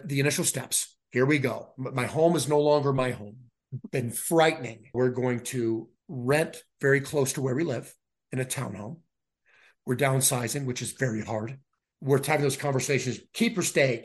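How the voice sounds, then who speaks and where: A middle-aged man talking candidly as a podcast guest, earnest and animated as he retells events. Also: mid-range voice, husky. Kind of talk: candid conversational storytelling.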